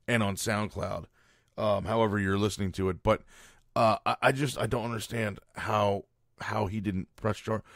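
A podcast host with a lowish voice rants casually through a story, blunt, profane and exasperated. The recording is dry and studio quality.

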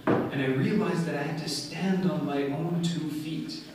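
A man's voice: a little high, steady tone, a little slow, heavy background noise. A man giving an earnest, story-driven speech at a community event in a large mosque hall. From Canada. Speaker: guest speaker. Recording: echoey hall heard from far off.

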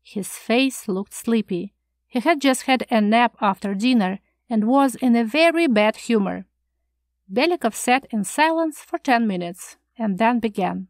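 A woman reads a classic short story aloud in a calm, measured narrating voice. She speaks very slowly in a fairly high register. The sound is dry and close, with no room echo. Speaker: audiobook narrator.

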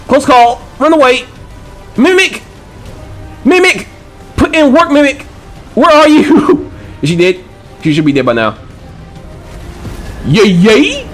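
A man giving excitable gameplay commentary, swearing and trash-talking enemies with frequent panicked outbursts. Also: high voice. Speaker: gaming channel host.

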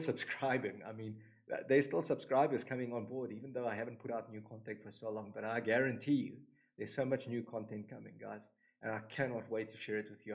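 A man hosting a reaction video, talking in an earnest, emotional and devout way with many pauses, recorded in a new home studio. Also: lowish voice, poor audio. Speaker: reaction channel host. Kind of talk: casual reaction commentary.

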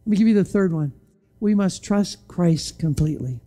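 A pastor preaching a sermon in church, firing off rhetorical questions and sometimes dropping to a quiet, low voice to land a point. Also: expressive, moderate pace.

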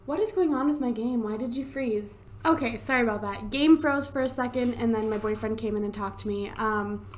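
A young woman with a slightly high voice chats her way through a life-sim game, excitable and quick to swear. She talks into a desktop microphone at home, with faint keyboard tapping behind her. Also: slight background noise. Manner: chatty, excitable, swears casually. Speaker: let's play gamer. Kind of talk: casual gameplay commentary. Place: home room. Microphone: desktop USB microphone.

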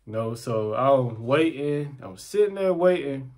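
A man's voice: mid-range voice, slow. A young man telling a personal story in casual, slangy talk, often repeating his phrases. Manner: animated, slangy, repeats himself.

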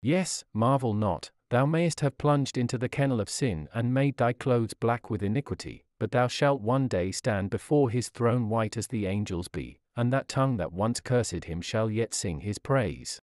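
A man's voice: mid-range voice, expressive, moderate pace, hardly any pauses, darkish tone, no room sound, studio quality. A man reading an old-fashioned sermon aloud in an earnest, formal preaching manner. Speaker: sermon reader. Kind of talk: read Victorian sermon.

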